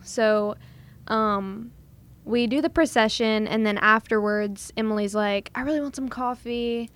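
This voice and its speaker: A woman's voice: fairly high pitch, measured pace, clear, resonant tone. A young woman, chatting casually and acting out what others said as she tells a story. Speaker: guest telling a proposal story. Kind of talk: casual chat.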